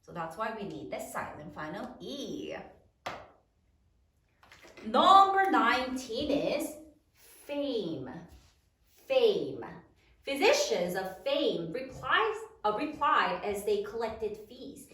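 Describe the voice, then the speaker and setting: A woman teacher slowly walks a class through spelling, sounding out every letter and phonogram with care. Her voice sits high and swings widely in pitch. She is heard from some way off, in an echoing room. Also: big pitch swings, pushed and bright, distant mic. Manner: slow, deliberate, sounds out phonograms. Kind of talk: spelling lesson dictation.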